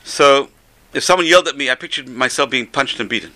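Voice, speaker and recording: A man with a mid-range voice and sharp tone talks fast in what seems to be a rabbi's informal religious talk, full of stories. He's chatty, repeats his phrases, and chuckles between points.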